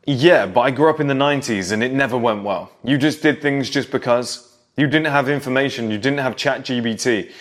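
A man's voice: mid-range voice, brisk. A man in his thirties speaking directly to younger men, telling stories from his youth and acting out scenes in a lecturing way. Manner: direct, lecturing storyteller who acts out scenes. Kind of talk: storytelling monologue.

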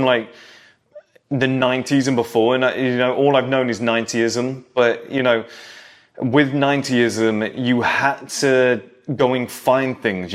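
A man in his thirties speaks straight to camera in a casual, nostalgic monologue. He addresses younger viewers directly, recalling his own childhood with a lecturing edge. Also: mid-range voice. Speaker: vlogger.

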